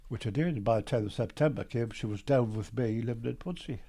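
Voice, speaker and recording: Gravelly older Geordie man telling stories. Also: mid-range voice, brisk. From Newcastle, England. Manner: lively storyteller who acts out old conversations. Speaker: guest. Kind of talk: storytelling interview.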